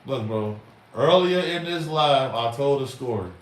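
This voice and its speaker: A man's voice: medium pitch, expressive, unhurried. Rambling middle-aged man, roomy echo. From Chicago. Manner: rambling, emphatic, slangy. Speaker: livestream host. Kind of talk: casual livestream talk. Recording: roomy echo, far from mic, faint noise.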